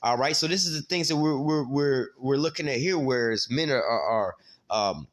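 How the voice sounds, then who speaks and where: A man reading out and explaining scripture in a relaxed street-talk manner, with a mid-range voice. He peppers his teaching with slang, filler words and casual swearing. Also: mid-range voice, normal speed. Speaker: Bible teacher.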